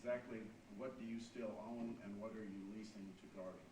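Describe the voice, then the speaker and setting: Man, commission member, probing questions, lowish voice, roomy and distant, noticeable hiss. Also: fairly even intonation, fairly quick. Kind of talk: questioning a witness. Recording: echoey hall mic from far off.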